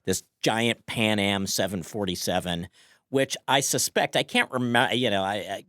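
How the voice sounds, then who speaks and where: A man's voice: fairly low pitch, normal speed, pushed and bright, dry recording, studio quality. A man in his fifties co-hosting a casual chat, rambling and restarting, laughing often. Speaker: podcast co-host.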